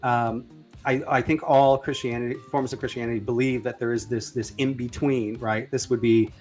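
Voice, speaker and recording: A man's voice: medium pitch, flat delivery, normal speed, darkish tone. A man leads a casual online discussion in an ordinary mid-range voice. He speaks hesitantly and keeps restarting his sentences with fillers. Faint music plays in the background. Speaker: debate host.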